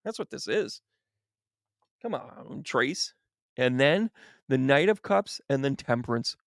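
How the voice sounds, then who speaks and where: Gravelly, chummy male psychic medium. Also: medium pitch, slow pace, dry recording, clean studio sound. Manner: animated and chummy, laughing often, addressing viewers by name. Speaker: psychic medium reading tarot. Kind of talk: live-stream tarot reading, chatting with viewers.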